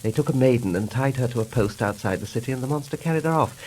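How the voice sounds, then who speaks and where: A man's voice: mid-range voice, lively intonation, fast, a little mellow, slight background noise, voice pushed up, lightly acted, low-quality recording. Give me a man playing an eager young woman in a raised, coy voice.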